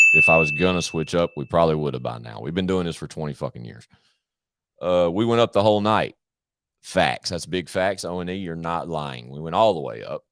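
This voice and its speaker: A man's voice: rumbling low, fairly bright tone, no echo, clean studio sound. A man chatting casually on his live stream, rambling, slangy and full of swearing.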